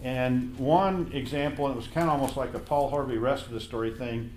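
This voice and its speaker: A man teaching a Bible class in a casual, animated way, acting out the voices in his stories. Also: mid-range voice, brisk, roomy sound, a little hiss or hum. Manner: animated storytelling, acts out voices in anecdotes.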